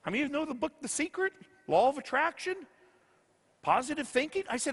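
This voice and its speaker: Bright high-voiced man in an echoey hall. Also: very animated, a little fast, pauses often. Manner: storytelling, acting out quoted dialogue. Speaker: motivational speaker. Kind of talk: motivational speech to an audience.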